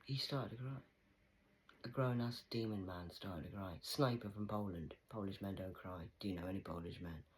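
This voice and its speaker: A woman in a rambling monologue to camera, swearing often and swinging between loud outbursts and hushed whispers. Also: rumbling low, normal speed, a little hiss or hum, rough recording.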